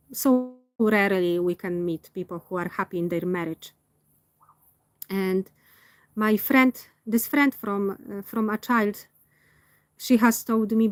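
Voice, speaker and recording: A woman speaking in a reflective personal monologue, earnest and candid, often pausing and restarting as she searches for words. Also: medium pitch, no room sound. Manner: slow, hesitant, searching for words. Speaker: vlogger.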